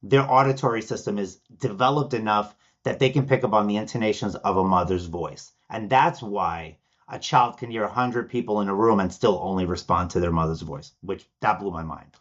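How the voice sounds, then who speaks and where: Animated man from Argentina, lo-fi sound. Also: fairly low pitch, a little fast. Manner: animated storyteller, acts out quoted voices. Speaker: guest. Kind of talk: podcast interview.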